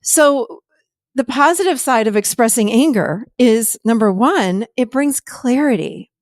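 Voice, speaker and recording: A woman's voice: on the high side, expressive, measured pace, dry recording, studio quality. A woman hosting a podcast, explaining in a casual, conversational teaching way and often acting out quoted dialogue with animation. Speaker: podcast host and therapist.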